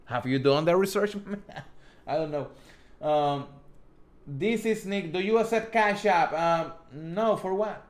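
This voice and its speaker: A man with a thick Spanish accent hosts a casual live stream, reading viewers' questions aloud and answering off the cuff. His voice sits a little high for a man, and he rambles, restarting and correcting himself as he goes. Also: takes it slowly. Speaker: host.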